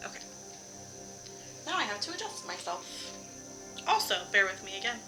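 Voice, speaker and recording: A young woman livestreams a game from home, talking casually with viewers while laughing frequently and swearing lightly. Her medium-pitched voice is very animated at a moderate pace, with music in the background and poor audio.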